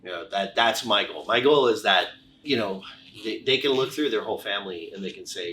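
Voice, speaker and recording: A middle-aged man with a lowish voice tells stories in a relaxed, conversational way, often restarting his words as he gets going. He sits a little back from the microphone. A faint hum of background noise runs under his voice. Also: a little fast, far from the mic. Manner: animated anecdotes, repeated word restarts. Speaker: chiropractor, podcast guest. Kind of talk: casual conversational storytelling.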